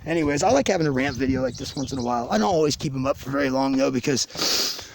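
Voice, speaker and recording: A man's voice: mid-range voice, expressive, quick pace, slight background noise. A man on a profane drunken rant, swearing constantly and rambling angrily to the camera of his own video channel. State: drinking, tipsy. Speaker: vlogger ranting to his channel. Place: outdoors in the country near a garage.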